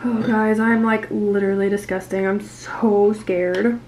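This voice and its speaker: A woman's voice: medium pitch, level tone, a little slow, darkish tone, a little hiss or hum. A young woman in a casual vlog, talking in an anxious, rambling way with lots of fillers. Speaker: vlogger.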